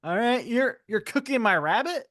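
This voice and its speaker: A man voicing an angry, shrill male creature who loves raw meat and curses indignantly. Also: lively intonation, normal speed, a bit bright, no room sound, clean studio sound.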